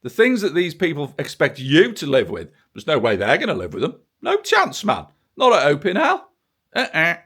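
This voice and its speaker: His voice a little high and slightly rough, with huge pitch swings and a bit of brightness, a British vlogger films himself at normal speed giving a political monologue to camera. It's an angry rant, heavy on swearing and sarcasm.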